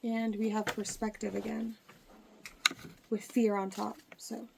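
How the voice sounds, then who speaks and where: A woman's voice: mid-range voice, level tone, a little slow, gravelly, noisy background. A woman with a mid-range voice gives a casual tarot reading to camera. She explains in a loose, rambling way, often stopping and restarting her sentences. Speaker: tarot reader.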